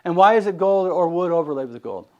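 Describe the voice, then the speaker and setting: Heard through lo-fi sound, a high-voiced preacher talks fast in a casual sermon. He animatedly asks rhetorical questions and acts out the quotes of the story's characters.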